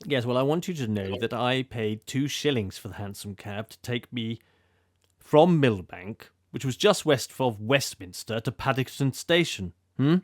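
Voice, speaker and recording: A man voicing a fussy, clipped British gentleman heard as if from an old radio play, complaining pompously. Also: mid-range voice, expressive, moderate pace, no echo, studio quality, natural voice. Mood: indignant. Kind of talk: 1940s radio acting.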